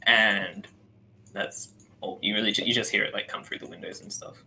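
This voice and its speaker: A man's voice: lowish voice, steady tone, normal speed, bright, forceful tone, breathy edge, rough recording. A man narrating a tabletop game as game master, describing scenes in a loose, descriptive way. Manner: descriptive, loose, full of fillers.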